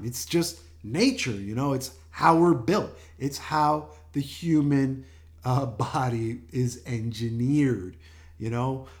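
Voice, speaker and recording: An older man hosting a health show in a casual monologue, chatty, often laughing and full of fillers and restarts. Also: medium pitch.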